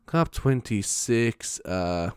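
A man's voice: medium pitch, animated, extremely slow, darkish tone, smooth, no echo, studio quality. Rambling young Irish man from Cork. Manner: rambling, swears a lot, laughs often. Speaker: vlogger. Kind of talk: casual rambling vlog chat.

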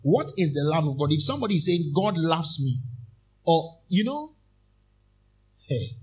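A man preaching a sermon in church as minister, reading scripture slowly and deliberately. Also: a little high, big pitch swings, breathy edge.

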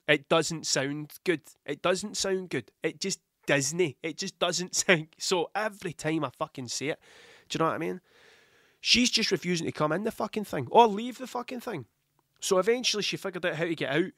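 A man's voice: on the high side, bright, forceful tone, no room sound, clean studio sound. Sweary Scottish man with a cold. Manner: rambling, heavy swearing, blunt. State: has a cold, coughing. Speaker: podcast host. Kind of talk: casual monologue.

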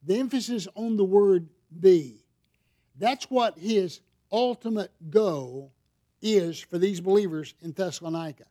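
A man's voice: high voice, measured pace, warm tone. A middle-aged male pastor preaching a sermon in a conversational way, often asking the congregation rhetorical questions.

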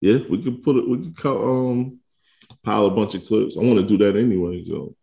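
A man in his thirties co-hosting a podcast in relaxed casual chat, laughing often and telling stories about his kids. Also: lowish voice, brisk, creaky. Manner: laid-back, laughs often, tells stories with kid voices. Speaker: podcast co-host.

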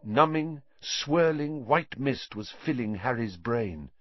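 A man's voice: medium pitch, lively intonation, slow, dry recording. A man narrating a storybook audiobook dramatically, shifting his pace with the action. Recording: dull dry lo-fi sound.

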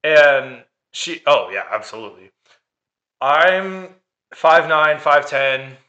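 A man's voice: a little high, slow, sharp tone, muffled recording. A man telling a dating story in casual chat, sarcastic and swearing freely. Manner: sarcastic, profane.

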